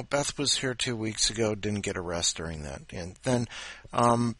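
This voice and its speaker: Rambling, bright-voiced male podcast host. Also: on the low side, no echo. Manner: scattered, self-mocking, jokey asides. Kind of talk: casual rambling monologue.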